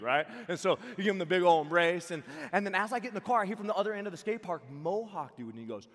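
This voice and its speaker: A young man preaching to a camp crowd, telling a story in an excitable, animated way and laughing along. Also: on the high side, brisk. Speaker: camp speaker. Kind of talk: storytelling sermon to a youth camp. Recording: long hall reverb.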